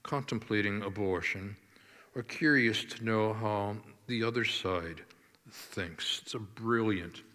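Slow, emphatic man preaching a sermon. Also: medium pitch, pushed and bright, long reverb tail. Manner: deliberate, emphatic preaching with stressed key words. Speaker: pastor.

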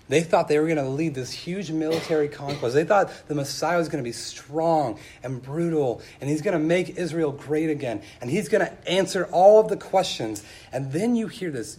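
A young man preaching a sermon, telling stories with lively asides and voice rising when he gets excited. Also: medium pitch. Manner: storytelling with animated asides, voice climbing when excited. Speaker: pastor.

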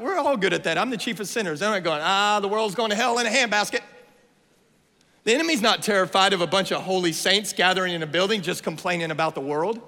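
Male preacher, 30s, bright and forceful, playful build to shouts, big hall echo. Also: sits high. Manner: playful, energetic, rising to shouts. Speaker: guest preacher. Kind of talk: sermon. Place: church sanctuary. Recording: long hall reverb.

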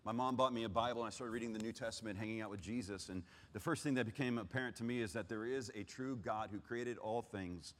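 A man with a fairly low voice tells his personal testimony in a large hall, and his words ring out with a long reverb. He swings between loud urgency and hushed, heavy pauses. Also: steady tone. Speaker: speaker giving testimony.

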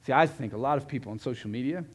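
A man preaching a sermon as a pastor, earnest, often swelling louder and then dropping low for emphasis. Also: rapid-fire. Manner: earnest, rises and drops in loudness for emphasis.

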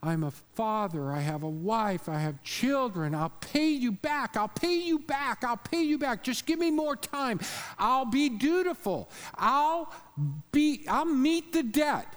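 A preacher acting out a frantic male servant, his voice pushed high as he pleads over and over for more time. The begging sounds slow and drawn out, and it rings with a long hall echo. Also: animated. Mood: pleading. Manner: pleading, repeating himself.

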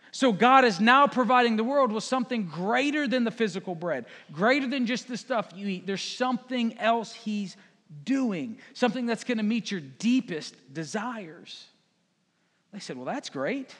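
A man preaching a sermon in a casual, conversational way, acting out the crowd and Jesus in quick asides. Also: high voice, fairly bright tone. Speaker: pastor. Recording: long hall reverb.

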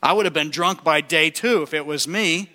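Animated man preaching a sermon. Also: on the high side, moderate pace. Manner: animated preaching, rhetorical questions to congregation. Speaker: pastor. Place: church.

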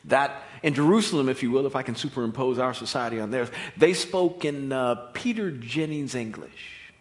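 A man with an American accent preaching a sermon in an emphatic, expressive delivery. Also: mid-range voice, moderate pace.

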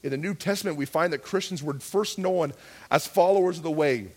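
A man's voice: fairly high pitch, fairly quick. Conversational man preaching a sermon. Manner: conversational preaching with acted prayers, swinging from loud to hushed. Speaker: pastor.

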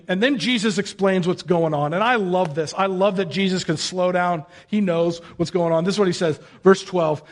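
A man's voice: sits high, normal speed, hardly any pauses. A male pastor giving a conversational sermon, telling the story in a casual, joking way.

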